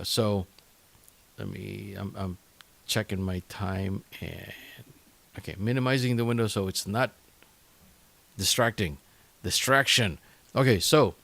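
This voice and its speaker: A man hosting a casual solo podcast, talking in a chatty, halting way with many fillers and restarts. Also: fairly low pitch, gravelly, a bit bright, no room sound. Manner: chatty and enthusiastic. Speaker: podcast host.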